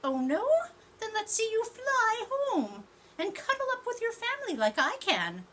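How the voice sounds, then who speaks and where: A sharp, mocking little bird cheeps out its scorn, pitched way up high and swooping wildly, as a woman puts it on. It is a storybook creature, brisk and full of ridicule. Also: very animated, a little hiss or hum, exaggerated voice. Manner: cheeping, scoffing.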